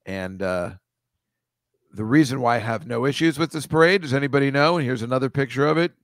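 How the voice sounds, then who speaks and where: A man hosting a comedy show, wandering from bit to bit with profane, sarcastic commentary. His voice sits at an average male pitch. The recording is close and dry. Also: a little fast, no echo. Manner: rambling, profane, sarcastic asides. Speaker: comedy podcast host. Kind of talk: casual comic riffing.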